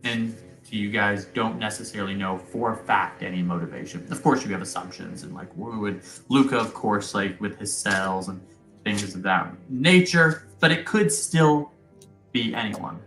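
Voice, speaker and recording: A man narrating a tabletop game as game master in a relaxed, rambling way. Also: on the low side, moderate pace, reverberant, soft background music. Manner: laid-back, rambling with fillers.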